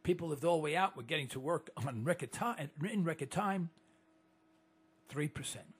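An older man delivers an indignant, rambling monologue, stumbling and restarting his sentences as he goes. His voice sits high and leaps around a lot. It has a husky, gravelly texture. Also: animated, moderate pace. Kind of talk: monologue to listeners.

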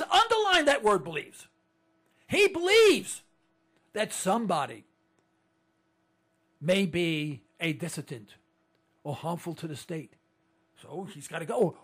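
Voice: medium pitch, a bit bright, slightly rough. A political commentator delivering an indignant monologue to listeners, full of rhetorical questions and stammered restarts.

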